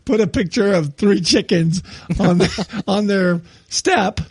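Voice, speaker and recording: A man's voice: sits high, takes it slowly, breathy edge, dry recording, studio quality. A man in his sixties co-hosting a casual comedy podcast, who keeps laughing as he reads posts aloud. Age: 60s. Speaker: podcast co-host.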